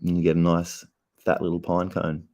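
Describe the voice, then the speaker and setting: A man's voice: deep voice, monotone, normal speed, warm tone. A young Australian man, stoned and laid-back, rambling and swearing heavily in a casual livestream chat. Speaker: streamer.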